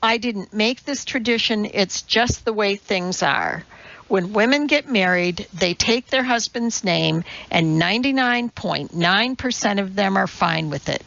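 A woman narrator voicing a proud, flustered male scientist who insists loudly, recorded with dull, lo-fi sound. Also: animated, measured pace, creaky, no echo. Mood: defensive. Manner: insistent, rising to a louder pitch.

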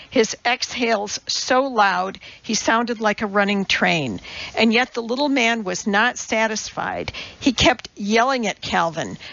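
A woman reads a novel aloud at a slow, unhurried pace, her voice carrying a gravelly creak. Her storytelling is measured and even. The recording has a slightly muffled, dull quality. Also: mid-range voice, no echo. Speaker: audiobook narrator. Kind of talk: scripted narration.

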